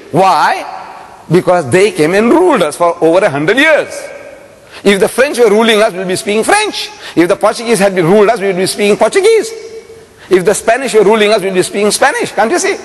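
A man giving a public religious lecture, telling a story dramatically and firing rhetorical questions at the audience. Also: high-pitched. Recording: long hall reverb.

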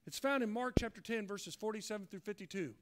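A man's voice: high voice, quick pace. A man as a pastor preaching a sermon earnestly, acting out the voices he quotes.

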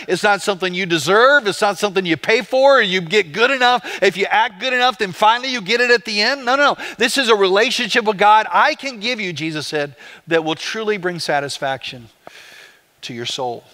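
A man's voice: sits high, expressive, a little fast, pushed and bright. A man, a pastor, preaching a conversational sermon with rhetorical questions to the congregation.

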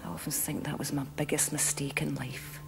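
A rueful woman with a very low voice who muses slowly. Music plays clearly underneath.

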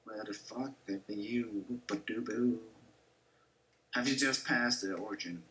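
A man's voice: on the low side, moderate pace, bright, forceful tone, echoey room, low-quality recording. A man playing a game alongside the host, chatting casually and throwing in crude, teasing jokes. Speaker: co-player.

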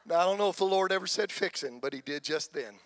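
A man with a Southern US accent preaching a sermon as pastor, impassioned, swinging from soft talk to shouting. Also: high voice, fast talker, no echo.

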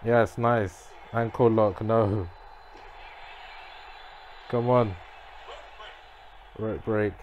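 Slow-talking man reacting to a game. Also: fairly low pitch, fairly even intonation, slight background noise. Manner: reactive, muttering to himself, bursts of frustrated yelling. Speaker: gamer playing a wrestling game. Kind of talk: live gameplay commentary.

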